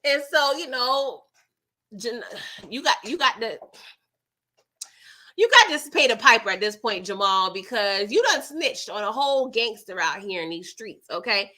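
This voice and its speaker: Bright high-voiced woman recapping a show. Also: measured pace. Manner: slangy, expressive storytelling. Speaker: TV recap vlogger. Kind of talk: casual episode recap commentary.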